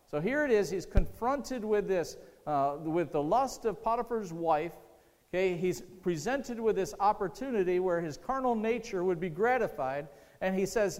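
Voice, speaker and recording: Male pastor, sermon, conversational, repeats key lines, asks the congregation questions, slightly high voice, long hall reverb. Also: lively intonation, normal speed, darkish tone.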